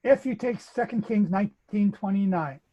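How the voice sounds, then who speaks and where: A man's voice: high voice, normal speed, warm tone, lo-fi sound. A man with a Canadian accent, methodically explaining a bible chronology as a guest speaker. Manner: methodical, lecturing.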